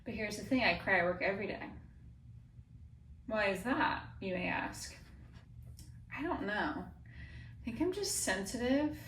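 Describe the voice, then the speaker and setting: A woman's voice: mid-range voice, lively intonation, measured pace, long pauses, a bit bright, far from the mic. A young woman in her twenties chats to her phone camera at home, rambling and anxious, with a self-mocking edge. Her voice sits mid-range. The room is echoey, with faint noise behind her. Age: 20s. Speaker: vlogger. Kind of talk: casual vlog chat. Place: room at home, moving around while working out. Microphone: phone camera, sometimes from across the room.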